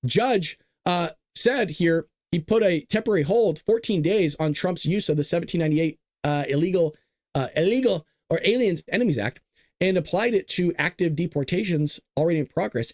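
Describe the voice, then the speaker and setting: A man's voice: high voice, lively intonation, normal speed, a little mellow, no echo, clean studio sound. A male host giving sarcastic, ranting political commentary straight to his viewers. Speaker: show host.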